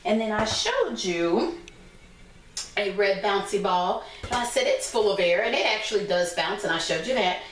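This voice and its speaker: A woman teaching a class of small children, with a slow, sing-song teacherly way of talking. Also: mid-range voice, expressive, a little hiss or hum. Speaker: preschool teacher. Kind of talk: online class lesson for young children. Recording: echoey room, voice from a distance.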